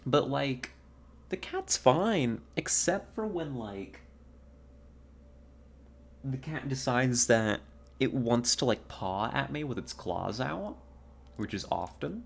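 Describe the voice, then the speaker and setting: A man's voice: medium pitch, sing-song, slow, gravelly, pauses often, a little hiss or hum. A man chatting casually while livestreaming a strategy game, rambling and often laughing at his own jokes. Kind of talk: casual gameplay chat while streaming.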